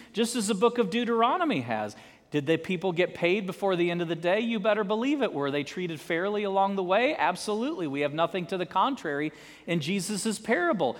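A male preacher giving an animated sermon, telling a parable with dramatic emphasis, in a reverberant church. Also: sits high.

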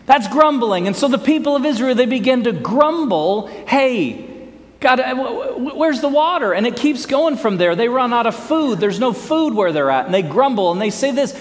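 A man preaching a sermon in an animated, folksy way, often asking his congregation questions. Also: very high voice, brisk, few pauses. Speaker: pastor. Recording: long hall reverb.

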